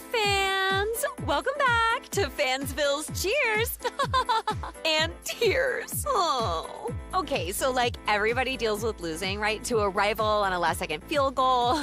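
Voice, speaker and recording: A giggly young football fan. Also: female voice, high voice. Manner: giggly, valley-girl chatter. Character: bubbly young woman football fan in a soda ad. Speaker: soda ad character. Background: music.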